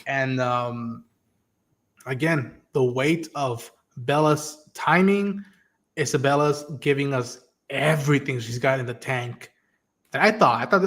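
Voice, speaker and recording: Male podcast host, animated, swears, acts out lines, mid-pitched voice. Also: slow. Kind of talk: casual livestream talk about an episode.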